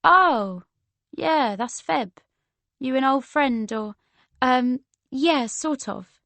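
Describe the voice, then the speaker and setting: A woman's voice: high-pitched, lively intonation, drawn-out words, creaky, fairly bright tone, no room sound, voice pushed up, full character voice. A woman voicing a friendly, laid-back young woman with a London accent who talks in casual slang. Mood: easygoing. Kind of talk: audiobook character voice.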